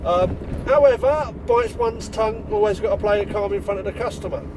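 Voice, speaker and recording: A man's voice: high voice, brisk, noisy background. A man, a window cleaner ranting bluntly and swearing as he talks to fellow tradesmen.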